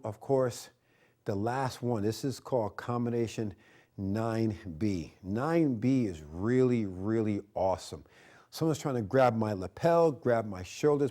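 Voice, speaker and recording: A middle-aged man hosting a TV show as a karate instructor, energetic and preachy, repeating his points and shouting martial arts cries. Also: medium pitch. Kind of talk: martial arts lesson with motivational talk. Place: TV studio.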